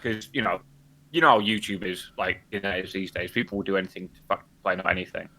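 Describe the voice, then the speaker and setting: A man's voice: low-pitched, fairly even intonation, fast, bright, forceful tone. A young man co-hosting a podcast, talking bluntly in casual chat with lots of swearing and filler words. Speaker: podcast co-host.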